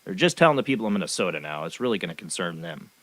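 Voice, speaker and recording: Cynical guy hosting a radio show, lowish voice that swings all over, dry close sound. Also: lively intonation, rapid-fire, no room sound. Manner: cynical, rambling and sarcastic. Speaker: show host. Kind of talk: casual talk radio commentary.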